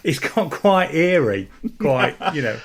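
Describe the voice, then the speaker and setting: A man with a Birmingham accent, a podcast co-host speaking in a hesitant, halting way over a video call. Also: on the high side, very animated, crowd noise. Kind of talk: casual chat.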